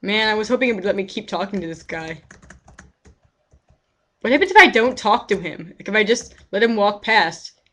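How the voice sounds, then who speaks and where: A woman's voice: mid-range voice, lively intonation, normal speed, pauses often, sharp tone. A woman streaming a game, giving rambling, chatty commentary and often cutting herself off mid-word. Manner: rambling, chatty, self-interrupting. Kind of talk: casual let's-play commentary.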